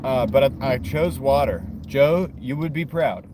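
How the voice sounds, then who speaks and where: A man talks loosely and casually to his viewers while out driving deliveries, reading out orders and drifting between topics. His voice sits at an ordinary middle pitch. Steady car and road noise runs under everything he says. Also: a little slow. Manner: rambling, chatty, reads out orders and answers chat. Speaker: delivery driver streaming live. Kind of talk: casual live-stream chat while driving. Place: inside a car. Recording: noisy car interior.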